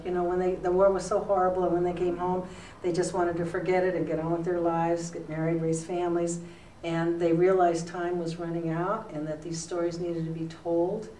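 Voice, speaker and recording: An older woman talking as a retired newspaper columnist in an interview, telling rambling stories with plenty of fillers. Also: on the low side. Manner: rambling, warm anecdotes with many fillers. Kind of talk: relaxed storytelling in an interview. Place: school room. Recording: roomy, distant mic with faint noise.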